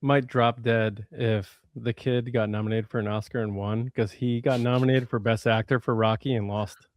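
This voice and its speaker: A man with an average pitch co-hosts a casual podcast. He chimes in with brief, wry comments. The sound is close and dry, without reverb. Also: fairly even intonation, normal speed. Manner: short, wry interjections. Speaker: podcast co-host. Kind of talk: casual chat.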